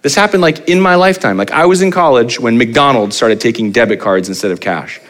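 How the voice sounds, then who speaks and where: A man in his forties, a pastor delivering a sermon, animated and often putting rhetorical questions to the congregation. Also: fairly quick. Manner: animated, pitch rising for emphasis, asks the crowd rhetorical questions.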